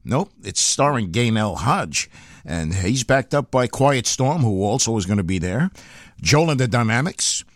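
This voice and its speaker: An older man hosts an oldies radio show from a studio, chatting loosely between records in a lively, rambling way packed with fillers. His voice is medium-pitched and moderately paced, and the recording is dry.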